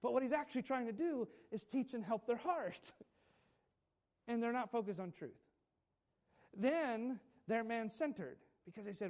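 A man's voice: high-pitched, expressive, moderate pace, darkish tone. A male preacher delivering a sermon with emphatic, repetitive phrasing and light chuckles.

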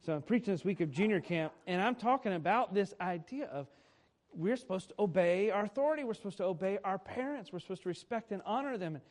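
A man in his thirties preaching a sermon in a conversational way, with dramatic pauses and frequent self-corrections. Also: sits high, lively intonation, darkish tone. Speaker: pastor.

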